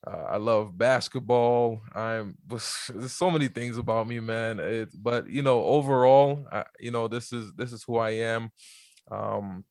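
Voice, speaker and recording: A man's voice: mid-range voice, a little slow, no room sound, studio quality. A man, a pastor chatting easily as a podcast guest and laughing often. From New York, USA. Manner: relaxed, easygoing, laughs often. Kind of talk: casual interview chat.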